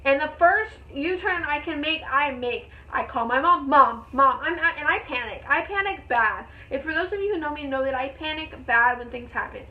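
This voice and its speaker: High-voiced young woman, tinny phone-like sound. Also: brisk, hardly any pauses. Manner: rambling, excited retelling full of fillers. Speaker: vlogger. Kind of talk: casual storytelling vlog.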